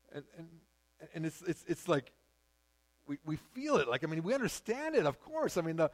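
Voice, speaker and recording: Higher-voiced preacher telling a story. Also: male voice, very animated, moderate pace, pauses often, low-quality recording. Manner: conversational storytelling with frequent restarts and acted-out quotes. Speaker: pastor. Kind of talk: sermon.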